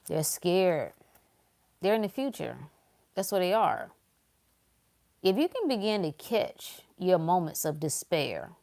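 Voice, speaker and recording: A woman talks to her livestream audience in a casual motivational style. Her voice sits lower than most, and she preaches with emphatic repetition, circling back to each point. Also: darkish tone. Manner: emphatic and preachy, repeating phrases.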